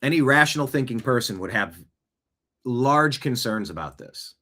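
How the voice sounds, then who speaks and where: A man's voice: medium pitch, animated, moderate pace, bright, forceful tone. A man hosting a show, giving casual, rambling political commentary and reacting to clips, with conversational asides. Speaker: show host. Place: home studio, seated.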